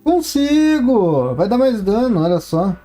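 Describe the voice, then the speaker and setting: Brazilian girl streaming a game, thinking out loud, mellow voice, game music low behind. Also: expressive, a little fast. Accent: Brazilian Portuguese. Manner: musing aloud to herself. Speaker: gaming streamer. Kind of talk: casual gameplay commentary.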